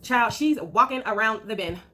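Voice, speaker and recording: A woman vlogger telling a casual storytime, animated and acting out what people said. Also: fairly high pitch, normal speed. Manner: animated, acts out quotes, trails off with blah blah.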